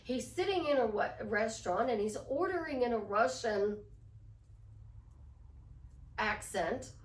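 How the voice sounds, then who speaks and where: Woman life coach chatting advice, animated, acts out bits, roomy echoey sound. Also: a little high, measured pace, far from the mic. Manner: animated, slips into role-play voices. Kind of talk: casual advice monologue.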